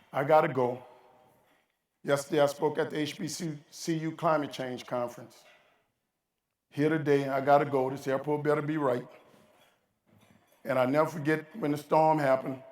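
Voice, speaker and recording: Heard from off-mic in a roomy, large conference hall, a man with a fairly high voice gives a motivational keynote. He tells folksy, emphatic stories and acts out their dialogue.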